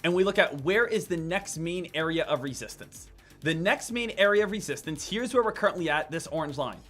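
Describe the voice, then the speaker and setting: A man giving live stock trading commentary in an energetic way, hammering home points with repeated phrases. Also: fairly high pitch, a little fast, faint music behind.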